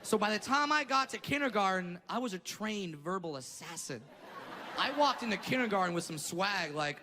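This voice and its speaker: A male stand-up comedian doing a brash, profane set on a large theater stage, breaking into shouted rants, with a handheld stage mic. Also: sits high, expressive, normal speed, noisy background. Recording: live theater with reverb and crowd laughter.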